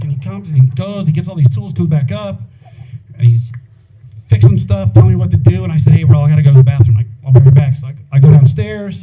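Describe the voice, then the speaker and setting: Man, forties, telling loose, profane funny stories at a memorial; fairly high voice. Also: fast. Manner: joking, profane, repeats words. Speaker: eulogy speaker. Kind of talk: informal eulogy with funny stories. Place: outdoor backyard gathering. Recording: tinny phone-like sound with faint noise.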